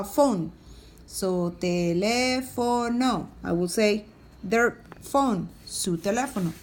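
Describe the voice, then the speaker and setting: A woman's voice: medium pitch, slight background noise. Patient woman teaching a grammar lesson. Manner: patient, repeats examples, addresses students as boys and girls. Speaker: Spanish teacher.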